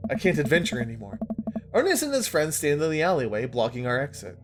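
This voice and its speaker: Man, let's play host, reading game text aloud, animated, comic, fairly high voice, music underneath. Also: quick pace. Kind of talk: reading a visual novel aloud.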